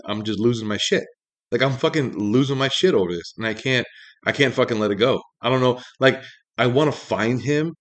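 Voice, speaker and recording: A man's voice: mid-range voice, fairly bright tone. Profane, exasperated man ranting casually. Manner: profane, exasperated, rambling with many fillers. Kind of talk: casual rant monologue.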